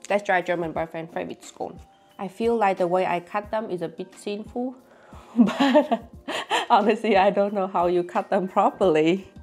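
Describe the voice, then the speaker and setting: A woman's voice: mid-range voice, a little mellow. A young woman, chatting casually and giggling as she tastes food for her vlog. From Vietnam. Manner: giggly, chatty, non-native phrasing. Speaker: vlogger.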